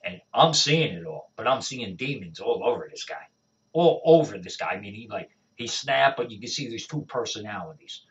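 A man speaking as an evangelist, telling stories of his faith in an animated, conversational way and often checking in with "all right?". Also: fairly low pitch, normal speed. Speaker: evangelist guest. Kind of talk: conversational testimony. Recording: dull distant lo-fi sound.

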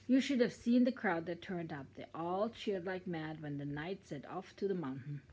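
Older woman, German accent, storybook reading, lowish voice, husky, casual asides. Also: normal speed, darkish tone, low-quality recording. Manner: chatty asides between sentences. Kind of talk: reading a children's story aloud.

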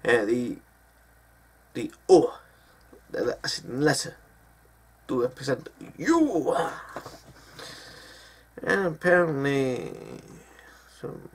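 A man's voice: medium pitch, lively intonation, extremely slow, long pauses. A man giving ranting news commentary in a vlog, swearing often as he goes. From Britain. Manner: profane, angry ranting with frequent swearing.

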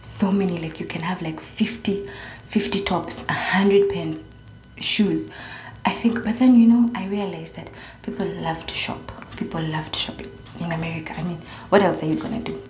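Young Kenyan woman vlogger, a little low-pitched, easygoing chat in a roomy space. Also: moderate pace, a little mellow. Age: young adult. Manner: chatty, mixing in Swahili slang. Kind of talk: casual chat. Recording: echoey room.

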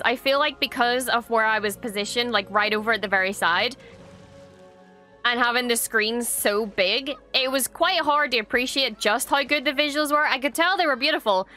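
Bright, crisp-voiced young Irish woman. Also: on the high side. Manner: excitable, gushing, swears freely. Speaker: reaction video host. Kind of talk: casual reaction commentary.

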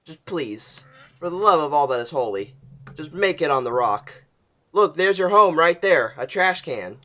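A man commentating his own gameplay, cursing loudly in bursts and dropping to anxious muttering in between. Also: fairly high pitch, expressive, a little slow. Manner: profane, swings from explosive yelling to anxious muttering. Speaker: gaming channel host.

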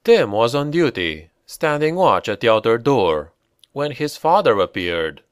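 A man reading a novel aloud as an audiobook narrator, measured and deliberate. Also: mid-range voice, very animated, clear, resonant tone, no room sound, studio quality. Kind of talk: scripted narration.

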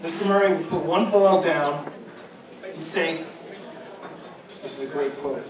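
A man's voice: a little high, unhurried, crowd noise. A man, a father, giving a rambling tribute speech to an audience, with frequent restarts and repeated words. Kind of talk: public speech at an event. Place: large echoey room with an audience. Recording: echoey hall audio from a distant mic with background noise.

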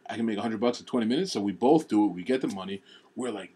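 A man's voice: fairly low pitch, very fast, slight background noise. A young man co-hosting a podcast, telling a story in casual chat, swearing and acting out the quotes. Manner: swearing, animated storyteller who acts out quotes. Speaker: podcast co-host.

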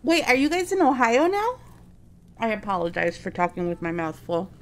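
High, lively streamer woman with game music. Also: moderate pace. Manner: chatty, apologetic, easily startled, laughs a lot. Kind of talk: casual live-stream chat while gaming.

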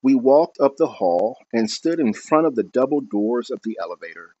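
Expressive male audiobook narrator. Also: mid-range voice, normal speed, no echo. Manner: calm, expressive reading. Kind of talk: first-person novel narration. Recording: dull lo-fi recording.

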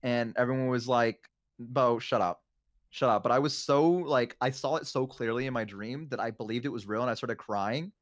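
In a dry, studio-quality recording, a young man with a medium-pitched voice chats casually and tells stories at a brisk clip with hardly any pauses. He rambles, filling his talk with fillers and restarts.

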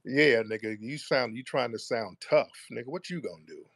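A man hosting a live online audio room, taunting and talking down to a caller with slow, deliberate jabs. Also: mid-range voice, creaky, a bit bright, dry recording. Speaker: host. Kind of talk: confrontational live audio chat.

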